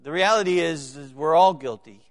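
A male pastor preaching a sermon, swinging between loud emphatic declarations and quiet joking asides to the congregation. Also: a little high, moderate pace. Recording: long reverb of a large hall.

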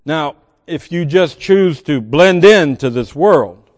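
A man's voice: fairly high pitch, animated, takes it slowly, long reverb tail. A man preaching a sermon as pastor, reading scripture aloud with emphatic swells and sudden drops. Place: large church sanctuary.

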